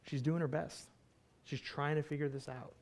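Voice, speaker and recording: Animated male preacher, slightly high voice. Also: moderate pace. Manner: conversational, animated, often asks "right?". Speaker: pastor. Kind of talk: sermon.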